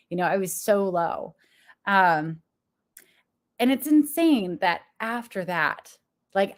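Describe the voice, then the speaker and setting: A young adult woman, a business coach, talking frankly and confessionally to viewers with frequent laughs. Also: fairly low pitch. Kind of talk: candid motivational talk to viewers.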